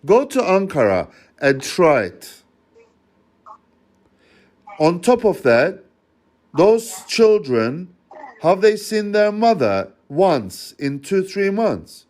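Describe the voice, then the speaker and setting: A man's voice: high-pitched, very animated, slow pace, long pauses, a little mellow. A father on a phone call, accusing and confronting the person on the line in a heated rant. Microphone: phone call recording.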